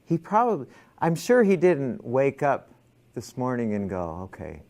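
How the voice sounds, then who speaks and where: Lively male lecturer telling a story. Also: medium pitch, unhurried. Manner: animated storytelling, acts out his thoughts. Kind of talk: classroom lecture with personal anecdote. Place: classroom.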